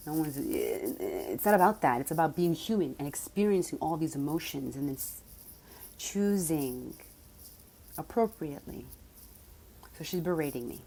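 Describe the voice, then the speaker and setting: Low, mellow-voiced woman storyteller. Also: slight background noise. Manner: animated storytelling, drops to soft whispered mantras. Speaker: spiritual coach. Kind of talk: casual monologue.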